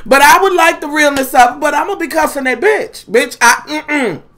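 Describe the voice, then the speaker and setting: A woman chats straight to her viewers in a loose, profane vlog. She tells it dramatically, cursing freely, and her voice jumps from loud, high outbursts down to quiet, low asides. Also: fairly quick, a little hiss or hum. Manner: profane, dramatic, animated storytelling. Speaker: vlogger. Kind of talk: casual chat to viewers.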